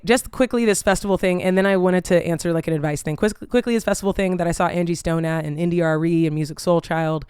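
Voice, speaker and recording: A woman hosting her own vlog, telling a story in a casual, animated way, swearing freely and saying "like" a lot. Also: on the low side, clear, resonant tone, no room sound, clean studio sound. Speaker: vlog host.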